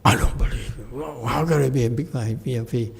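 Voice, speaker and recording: A man's voice: medium pitch, normal speed, gravelly, close to an everyday voice. A man voicing a young monk disciple who questions his master in disbelief. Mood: puzzled. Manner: incredulous questioning. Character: young male monk disciple, puzzled and doubting.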